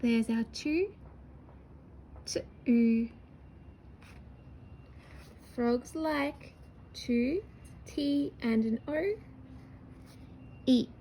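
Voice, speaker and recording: A woman teacher sounds out words for young children, slowly and patiently. Her voice sits high but has a mellow, soft tone. A faint hiss of background noise runs under the recording. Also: poor audio. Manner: slow, sounding out words syllable by syllable; patient, encouraging. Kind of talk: early-years writing lesson.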